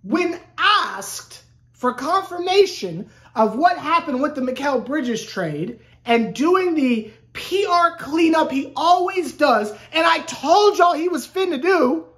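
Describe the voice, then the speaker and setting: A woman sports YouTuber who covers a basketball team rants in a casual, rambling vlog. Her high voice is expressive and slow-paced, and she sounds sarcastic while repeatedly restarting her sentences.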